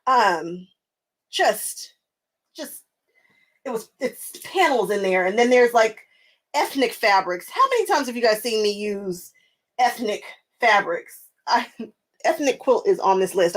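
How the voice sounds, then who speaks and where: A woman's voice: medium pitch, lively intonation, slow, long pauses, low-quality recording. A young woman hosting her quilting channel, chatting casually with viewers while she works, often laughing and answering them by name. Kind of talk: casual chat while crafting.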